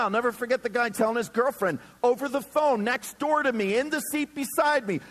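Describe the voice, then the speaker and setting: Animated male pastor preaching in a hall. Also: extremely high pitch. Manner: animated, joking, acts out quoted people. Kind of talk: sermon. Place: church hall before a few hundred people.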